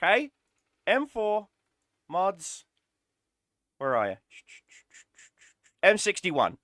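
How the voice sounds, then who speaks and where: Gamer guy ranting, sarcastic, lots of swearing, bright sharp voice, dry close mic. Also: sits high, huge pitch swings, very slow, dry recording. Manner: exasperated, sarcastic, swears a lot. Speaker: gaming streamer. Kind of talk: ranting gameplay commentary.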